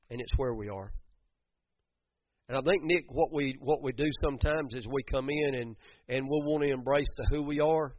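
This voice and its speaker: Male pastor, middle-aged, fervent sermon, echoes his own lines, dull dry recording. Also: medium pitch. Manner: fervent, repeats phrases for emphasis, many restarts.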